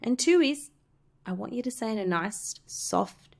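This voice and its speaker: A woman's voice: measured pace, vocal fry. Candid woman telling a story. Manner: candid, acts out quoted voices with lively pitch jumps. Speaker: podcast host and coach. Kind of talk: personal storytelling and self-help teaching.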